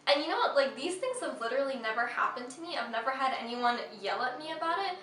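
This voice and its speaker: A young woman hosts a casual teaching vlog in a chatty, reassuring way. Her voice is bright and a little high. She sits a bit back from the mic in an echoey room, with faint music behind her. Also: expressive, quick pace, far from the mic. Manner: chatty and reassuring, sing-song when reciting verse. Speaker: vlog host.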